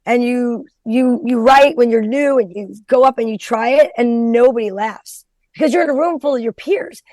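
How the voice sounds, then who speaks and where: A high-voiced middle-aged woman comedian chats bluntly and profanely, telling story after story. Her voice sounds close and dry, with no room around it. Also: moderate pace, a little mellow, dry recording. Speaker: stand-up comedian, podcast guest. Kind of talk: casual podcast chat.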